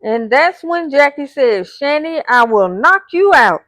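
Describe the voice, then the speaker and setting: A woman narrates a reality show recap at an unhurried pace, relaying who said what and talking back to the people on screen. Her voice sits high, and the recording is close and dry with no room sound. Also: lively intonation, a bit bright, no room sound. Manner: retells scenes, reading out the cast's lines; blunt asides addressed to the cast.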